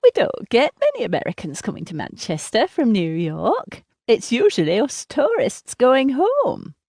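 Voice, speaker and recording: A woman's voice: on the high side, huge pitch swings, normal speed, a little mellow, no echo, studio quality, voice pushed up, full character voice. A woman voicing a chatty, petite middle-aged woman with a Northern English accent and a grating, nasal voice. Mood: chirpy, friendly.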